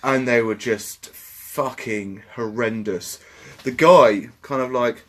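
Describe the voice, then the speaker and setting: A man's voice: medium pitch, slow. Sweary sarcastic man. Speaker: podcast co-host. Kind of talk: casual chat.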